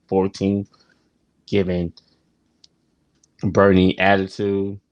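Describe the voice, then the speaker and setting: A man's voice: lowish voice, dry recording. A man hosting a casual review vlog, talking straight to the camera and often repeating his phrases. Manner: unhurried, repeats phrases, frequent "like". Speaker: YouTube show host reviewing a sitcom.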